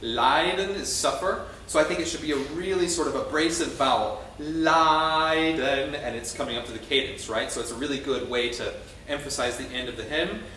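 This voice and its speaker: A man's voice: mid-range voice, fairly quick, few pauses, a bit bright. A man conducting a choir rehearsal, explaining the music with frequent ums and restarts. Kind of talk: teaching a choral rehearsal. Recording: very echoey room, distant mic, faint noise.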